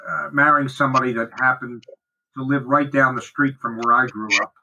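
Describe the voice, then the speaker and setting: A man's voice: medium pitch, fairly even intonation, brisk, creaky, bright, forceful tone, slight background noise, low-quality recording. An older man hosting a casual interview, easygoing and a bit hesitant.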